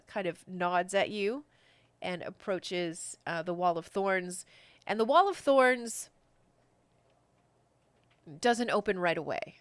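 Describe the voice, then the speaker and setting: Woman game master, relaxed chatty narration, dry close mic. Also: lowish voice, no room sound. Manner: casual and chatty, with many fillers.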